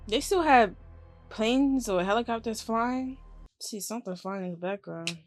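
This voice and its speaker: A woman's voice: a little high, animated, moderate pace, over music. A woman hosting a reaction video, talking in an emotional, slangy way. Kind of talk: casual reaction commentary.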